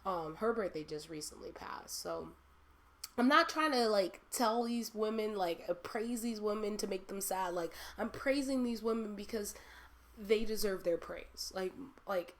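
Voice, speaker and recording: A woman's voice: mid-range voice, measured pace. A young woman hosting a personal monologue, heartfelt and rambling with many fillers. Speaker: host.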